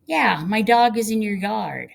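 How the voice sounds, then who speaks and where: A woman's voice: medium pitch, expressive, measured pace, creaky, pitched above the performer's own voice. A woman doing a tearful young boy begging. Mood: insistent. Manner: pleading, rising to tearful cries. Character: distraught young boy pleading for his dog.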